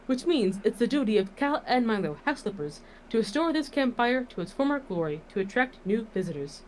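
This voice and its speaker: A woman's voice: on the high side, sing-song, moderate pace, a little hiss or hum, low-quality recording. A woman voicing a pompous male vampire count who speaks in stiff, flowery phrases. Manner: stiff, flowery, overly formal.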